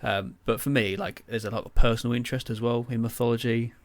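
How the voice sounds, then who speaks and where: A man's voice: mid-range voice, fairly even intonation, quick pace, dry recording. A young man co-hosting a podcast, telling stories in a rambling, casual way full of fillers and swearing. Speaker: podcast co-host. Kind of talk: casual chat.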